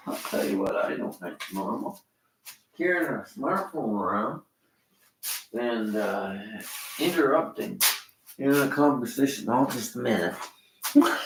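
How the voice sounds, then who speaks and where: A man's voice: mid-range voice, reverberant, background noise. An older Canadian man delivering a blunt, cursing rant, laughing between complaints. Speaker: vlogger. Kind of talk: ranting monologue.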